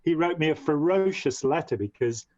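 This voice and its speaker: A man's voice: on the high side, expressive, moderate pace, a little mellow, no room sound. A man telling a long story as a podcast guest, rambling and restarting with frequent "you know". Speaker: podcast guest, former member of a movement. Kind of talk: long-form storytelling in conversation. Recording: dull, dry lo-fi audio.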